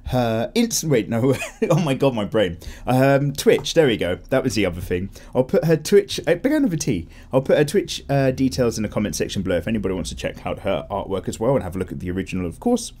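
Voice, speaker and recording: Chatty man with lively pitch. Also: a little fast. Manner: chatty, rambling, self-correcting with laughs. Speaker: art channel host. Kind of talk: casual chat while drawing.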